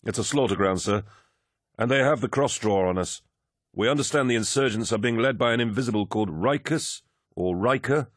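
A man's voice: medium pitch, fairly quick, dry recording, voice pushed up, lightly acted. Audiobook bit part: a man playing an anxious, worn-down army officer, breath ragged behind a mask, dry booth sound. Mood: urgent warning. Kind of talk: audiobook character voice.

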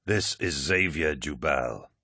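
A towering male warrior, grave and troubled, as a man reads him aloud. The voice sits extremely deep and slightly husky, delivered slow and measured in a dry, close studio sound. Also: pushed and bright, no echo, full character voice. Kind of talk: audiobook character voice.

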